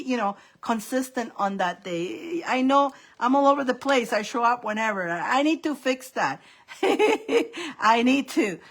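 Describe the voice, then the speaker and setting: A middle-aged woman hosting a casual live stream of psychic readings, rambling and laughing often. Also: medium pitch. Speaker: psychic reader and live host.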